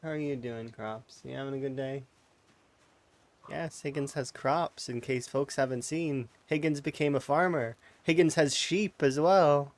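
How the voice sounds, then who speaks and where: A man's voice: mid-range voice, a little slow. A man streaming a game, giving rambling, casual tips to his chat and chatting to the animals in the game. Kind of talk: casual let's-play commentary.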